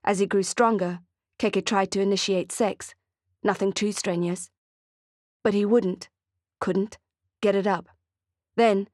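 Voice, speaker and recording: A woman narrating an audiobook thriller in a steady, expressive reading. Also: medium pitch, no echo, studio quality. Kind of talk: scripted narration.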